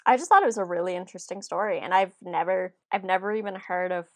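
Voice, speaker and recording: A woman co-hosting a podcast, chatting casually and laughing softly. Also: lowish voice, quick pace, dry recording. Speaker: podcast co-host.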